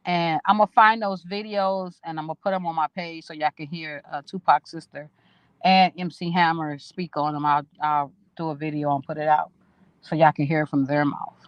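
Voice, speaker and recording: A woman's voice: low voice, fairly even intonation, moderate pace, dry recording, lo-fi sound. Chatty woman vlogging from a park. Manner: chatty, rambling, emotional storyteller with casual swearing. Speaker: vlogger talking to viewers. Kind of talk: casual livestream chat. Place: outdoors at a park.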